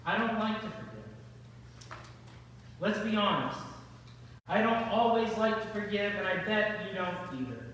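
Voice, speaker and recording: High-voiced male pastor in an echoey church. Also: expressive, a little slow, long pauses, a bit bright, slight background noise. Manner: conversational, with rhetorical questions to the congregation. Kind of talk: sermon. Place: large church sanctuary. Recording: very echoey church hall from far off.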